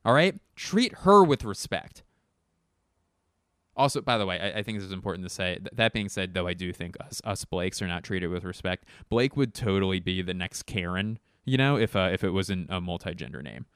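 A man's voice: low voice, animated, moderate pace, a bit bright, smooth, no room sound, studio quality. A man in his thirties hosting a comedy podcast alone, rambling and sarcastic, swearing often. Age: 30s. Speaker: podcast host. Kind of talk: comedic solo podcast monologue.

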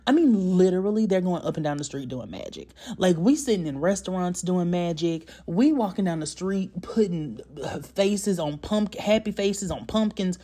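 This man's high-pitched, expressive voice has a warm tone and moves at normal speed with few pauses. Reviewing a movie, he recaps it in a chatty, slangy way, laughing often and self-mocking.

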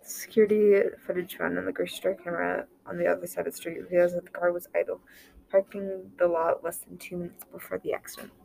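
A woman reading an original short story aloud, voicing the dialogue herself and dropping to a near-whisper in quiet moments. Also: lowish voice, little pitch movement, fast talker, vocal fry, a little hiss or hum, rough recording. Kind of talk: amateur story narration with dialogue.

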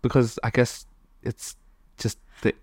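A podcast co-host from Malawi chatting casually, rambling and quick to laugh. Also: mid-range voice, level tone, a little mellow, dry recording, clean studio sound. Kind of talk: casual chat.

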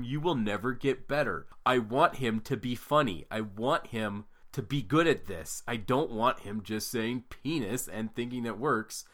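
A man in his thirties, a podcast host telling funny family stories in casual chat, animated and mock-serious. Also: mid-range voice, a little slow, few pauses.

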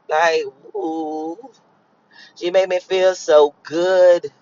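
A man's voice: high voice, big pitch swings, moderate pace, creaky, muffled recording. A young man in a car, rambling and cursing as he reflects on his morning. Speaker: vlogger. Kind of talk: casual morning monologue while driving.

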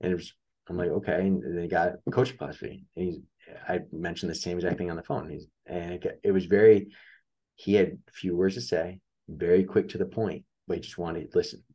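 Very low-voiced man telling a story. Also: brisk, slightly rough. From upstate New York. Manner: animated storyteller acting out quoted dialogue. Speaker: guest, track coach. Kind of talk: casual storytelling interview.

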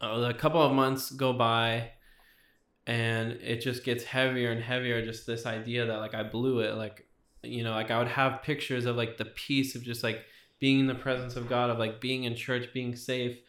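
A young man shares his testimony as a podcast guest. His voice stays flat and even, with lots of "like" and "you know". The room around him rings with echo. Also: medium pitch, moderate pace. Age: 20s. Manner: rambling, heavy use of "like" and "you know". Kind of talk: testimony in casual chat. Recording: roomy echo.

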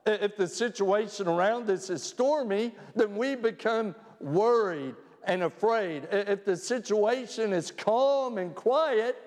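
Male pastor, high voice, long hall reverb; preaches and tells a joke in a storytelling manner. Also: measured pace, few pauses, a little mellow. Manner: storytelling, plays both sides of a joke in quotes. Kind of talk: sermon with a humorous story.

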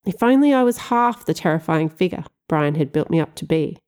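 A woman reads a first-person audiobook with wry, expressive delivery. Her voice sits fairly low for a woman and has a soft, mellow tone. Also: brisk. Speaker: audiobook narrator.

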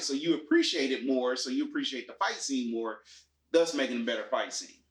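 A man talks casually about films, unhurried and explanatory, dropping in "um" and "like" as he goes. His voice sits at an ordinary pitch. The room gives it a noticeable echo. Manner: relaxed, explanatory, many fillers. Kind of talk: casual chat about movies and TV. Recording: echoey room.

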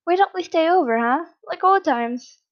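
A woman reading a storybook, voicing a cheerful, doting father who teases and scolds loudly. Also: high voice, a little fast. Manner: loud, affectionate, teasing. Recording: dull lo-fi recording.

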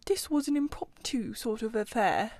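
A woman's voice: a little high, lively intonation, normal speed, a little mellow, no room sound. A woman voicing a cheerful, chatty male water rat in a storybook reading. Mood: welcoming.

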